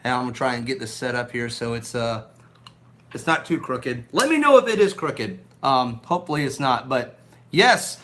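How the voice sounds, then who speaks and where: A man's voice: medium pitch, lively intonation, normal speed, a bit bright. A man hosting a casual live stream from his home, greeting viewers by name in an upbeat way with a slightly scratchy throat. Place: at home indoors. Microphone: phone on a gimbal.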